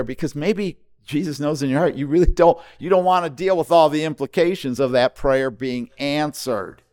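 A man's voice: fairly high pitch, moderate pace, hardly any pauses, darkish tone. An older man preaching a sermon as pastor at a church service, impassioned, repeating his questions with rising emphasis.

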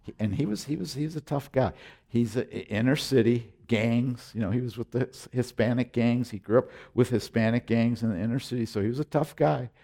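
A middle-aged man delivers a sermon as pastor. His voice sits at an ordinary male pitch, and he stresses words forcefully, restarts phrases, and sinks into quiet, tender passages. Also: brisk, creaky. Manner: emphatic, repeats words, swings from loud to hushed.

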